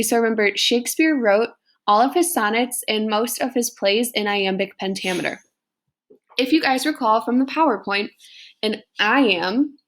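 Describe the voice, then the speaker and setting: A young woman teaches a class lesson while recording her computer screen. She speaks patiently in a mid-range voice and checks in with "okay?" after almost every point. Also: mid-range voice.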